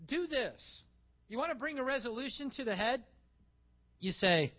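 Male pastor, high-pitched and animated, preaching a sermon on a dull, muffled recording. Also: normal speed, long pauses. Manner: animated preaching, acting out little dialogues.

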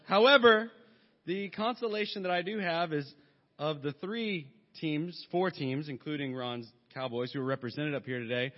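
High-voiced joking pastor in a hall. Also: male voice. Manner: joking, lively storytelling. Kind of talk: sermon. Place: church hall. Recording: long hall reverb, dull sound.

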